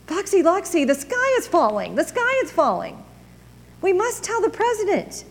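A woman voicing a frantic, dim-witted hen who shouts in a shrill, panicky voice. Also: big pitch swings, normal speed, big-room sound, exaggerated voice. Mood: panicked.

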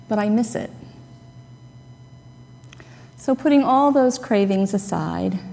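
A woman pastor giving a conversational, gently humorous sermon, stressing key words. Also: a little high. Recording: long reverb of a hall.

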